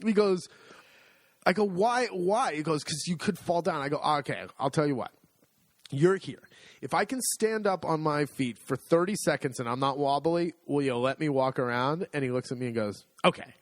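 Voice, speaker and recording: A middle-aged man telling a story in a casual chat, animated and amused, acting out the lines of the people in it. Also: a little high, brisk, no echo. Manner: animated, amused storytelling with restarts and acted-out quotes. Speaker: podcast co-host.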